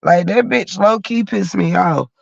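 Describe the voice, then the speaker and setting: High-voiced man ranting, stuffy from a cold. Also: a little slow, creaky, slightly rough, dry recording. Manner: blunt, cursing, heated storytelling. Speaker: podcast host. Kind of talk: profane comic rant. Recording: dull lo-fi dry sound.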